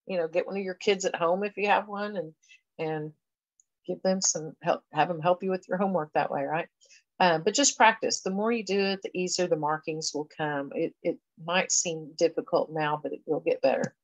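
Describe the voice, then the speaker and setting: Woman, professor, low voice, dry sound, casual lecture, easygoing explanations. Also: fairly even intonation, normal speed, no echo, lo-fi sound. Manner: conversational, explanatory, with frequent fillers. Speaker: education professor. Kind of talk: recorded lecture walking through a reading assessment.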